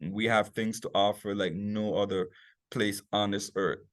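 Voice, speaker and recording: A man with a US Virgin Islands accent giving a customer service workshop talk, chatty and lively, often checking in with "okay?" and "right?". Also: on the low side, a little slow, dry recording. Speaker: workshop speaker, private chef.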